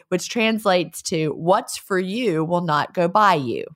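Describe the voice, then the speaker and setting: A woman of middle age chats casually as a show co-host, reading out listener notes. Her voice sits a little on the low side, and she lingers on funny words, saying them again for fun. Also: expressive, moderate pace, hardly any pauses. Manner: playful, savors odd words and repeats them. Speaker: podcast co-host.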